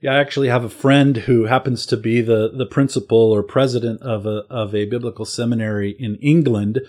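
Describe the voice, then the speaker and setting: A man talking theology with a friend, earnest and explanatory. His voice sits at an ordinary middle pitch, and he leans hard on the words that matter. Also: steady tone, fairly quick, darkish tone. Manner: earnest, explanatory, emphatic at key points. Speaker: guest. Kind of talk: casual theological conversation.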